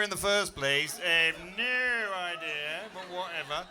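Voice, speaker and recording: A man from Britain doing stand-up comedy in a club, telling stories with loud incredulous outbursts. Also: high voice, a little slow. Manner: animated storytelling, bursts into loud incredulous outbursts. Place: comedy club stage before a live audience.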